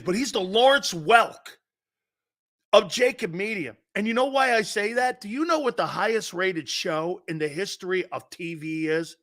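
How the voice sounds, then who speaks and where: A man's voice: high-pitched, moderate pace, pushed and bright. A middle-aged man hosting a sports talk show, chatting casually and reacting to viewer comments with frequent laughter and rambling asides.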